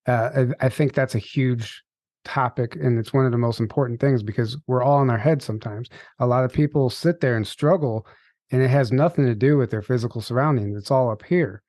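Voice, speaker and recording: A man's voice: mid-range voice, brisk, darkish tone, no echo. A man hosting a podcast, speaking candidly and a bit hesitantly as he searches for his words. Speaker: podcast host. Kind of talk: casual conversational interview.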